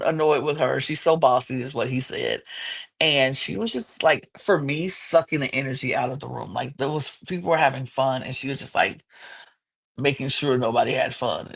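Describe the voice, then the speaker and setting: A woman hosting a podcast, recapping a reality show in casual, animated chat. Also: extremely low pitch, creaky, husky. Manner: chatty, animated, quotes people in exaggerated voices.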